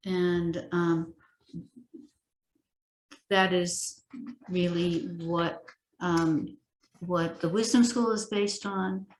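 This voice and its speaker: A middle-aged woman giving an informal spiritual teaching, explaining gently and haltingly with many pauses and self-corrections. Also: on the low side, slight background noise. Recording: roomy echo.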